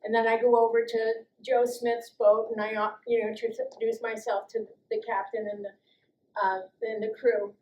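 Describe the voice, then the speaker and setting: Animated storytelling woman, echoey room. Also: normal speed, dull audio. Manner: lively, acts out quoted voices with big jumps in pitch and loudness. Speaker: storytelling guest speaker.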